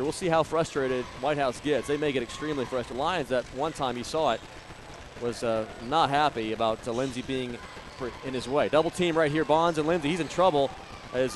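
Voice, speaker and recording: A man doing live play-by-play of a high school basketball game, rattling off plays and scores with bursts of excitement on big shots. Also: noisy background. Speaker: play-by-play announcer.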